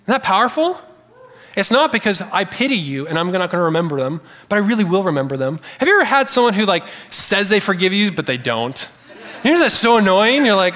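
High-voiced man preaching in a reverberant hall. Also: a little fast. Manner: animated, conversational preaching with audience call-outs. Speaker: pastor. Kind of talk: sermon. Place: church sanctuary.

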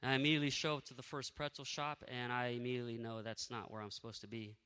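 A man telling a faith testimony in a lively, casual way, acting out what people said. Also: mid-range voice, fast talker, smooth, in a large hall. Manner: energetic, animated storyteller who acts out what people said. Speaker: speaker sharing a faith testimony.

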